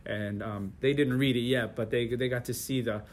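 A middle-aged man in a relaxed interview, talking with many restarts and frequent laughs. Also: medium pitch, normal speed, slight background noise. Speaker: interview guest. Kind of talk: casual conversational interview.

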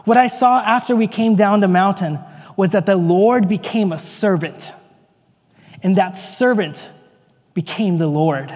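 A man playing a bewildered, excitable apostle, telling his story in earnest, rambling first-person monologue. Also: high voice, big-room sound. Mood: reflective. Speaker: actor in a church dramatic monologue.

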